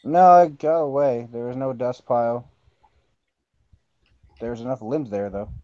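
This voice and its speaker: A man's voice: medium pitch, animated, unhurried, warm tone. A man speaking in character as a player in a tabletop role-play, laid-back and wisecracking. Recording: dull lo-fi mic.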